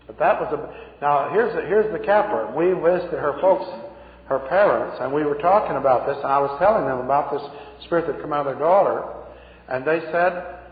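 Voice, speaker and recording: A man's voice: fairly high pitch, normal speed. Preacher guy, folksy, chuckles as he tells it, tinny phone-like sound, big echoey hall. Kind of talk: folksy sermon storytelling.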